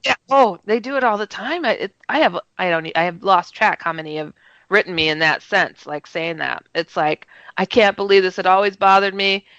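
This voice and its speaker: A woman's voice: on the low side, a little fast, no echo, muffled recording. A woman co-hosting a radio talk show, telling stories animatedly, often laughing and acting out voices. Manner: animated storyteller, laughs often, acts out dialogue. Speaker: radio co-host. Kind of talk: casual radio chat.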